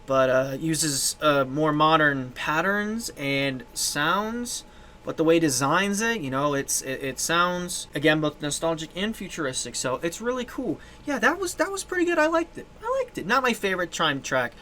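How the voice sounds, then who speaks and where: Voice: mid-range voice, lively intonation, moderate pace, a little hiss or hum. A host reacting to electronic music tracks in casual commentary, gushing and rambling with restarts and the odd swear word. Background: loud electronic music playing.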